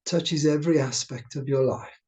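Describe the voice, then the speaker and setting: A man guiding a meditation, speaking in a slow, gentle, soothing way. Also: medium pitch. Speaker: meditation teacher. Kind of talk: guided meditation talk.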